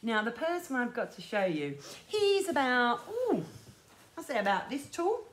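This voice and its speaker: A woman's voice: on the high side, huge pitch swings, moderate pace. A woman leading a sing-along music lesson for small children, coaxing and sing-song as she talks and counts with them. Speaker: children's music class leader.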